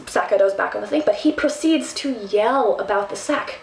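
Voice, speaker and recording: Young woman, gravelly voice, roomy sound, recorded from a distance, casual storytelling. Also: a little high, moderate pace, few pauses, slight background noise. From Texas. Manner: animated, self-mocking, lots of ums and restarts. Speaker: vlogger.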